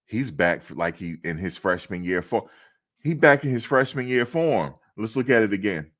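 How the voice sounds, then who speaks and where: A man hosting a casual commentary on practice footage, excitable and laughing, repeating his phrases. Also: on the low side, normal speed. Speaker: host reacting to practice footage.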